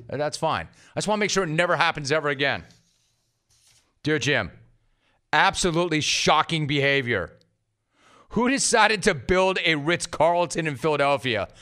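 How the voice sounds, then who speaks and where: A man's voice: fairly high pitch, pushed and bright. A man hosting a sports radio show, brash and punchy, repeating short phrases for effect. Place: radio studio.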